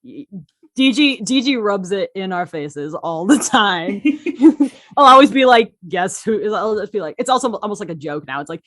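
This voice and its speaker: A woman's voice: medium pitch, moderate pace. Chatty woman voice actor, laughing often. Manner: excitable, animated storytelling. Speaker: podcast guest, voice actor and writer. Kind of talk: casual interview chat.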